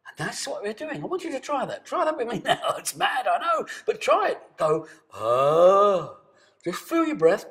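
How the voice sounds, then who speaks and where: An older man working as a voice coach, seated and leading a guided voice exercise to camera. He coaxes the listener along and swings between soft, hushed asides and bold, sustained tones. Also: high voice. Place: seated indoors.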